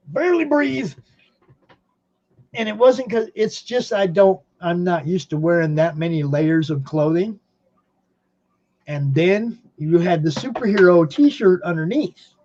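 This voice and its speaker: A man's voice: high voice, animated, unhurried, pauses often, a little mellow, lo-fi sound. A man hosting a podcast from home in rambling casual chat, laughing often. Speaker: podcast host.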